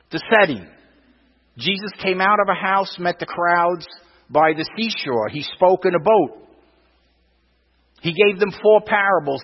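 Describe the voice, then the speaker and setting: Older male pastor, high lively voice, emphatic sermon delivery, reverberant lo-fi church recording. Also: breathy edge. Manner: emphatic, repeats words, rhetorical questions. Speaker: preacher. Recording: dull, lo-fi sound with long reverb.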